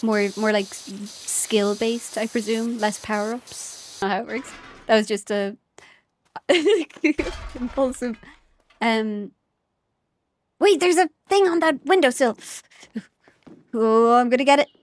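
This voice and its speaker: A young woman from Ireland chats with her viewers while streaming a game, her high voice bubbling with giggles. She rambles from one thought to the next and playfully catches and corrects her own slips. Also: slow, long pauses, slight background noise. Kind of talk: casual gameplay chat with viewers.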